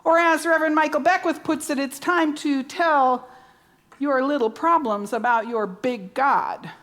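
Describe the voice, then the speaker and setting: A woman's voice: high-pitched, measured pace, fairly bright tone. A woman minister preaching a sermon, emphatic, repeating key words and asking rhetorical questions.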